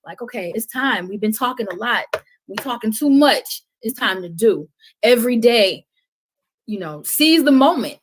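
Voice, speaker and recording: A woman with a somewhat high voice talks with fervent conviction on a podcast, like a preacher. Her delivery swells loud, then drops to a hush. She sounds like a guest on a live stream. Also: expressive, moderate pace, a little hiss or hum, rough recording. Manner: impassioned, preaching cadence, swings from loud to hushed. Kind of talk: passionate podcast talk.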